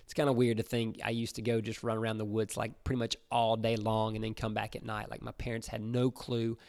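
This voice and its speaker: A man's voice: lowish voice, level tone, brisk, vocal fry, darkish tone, dry recording, clean studio sound. A man preaching in a casual, conversational way to young listeners, often checking in with his audience. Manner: conversational, repeats "right?" and "you know".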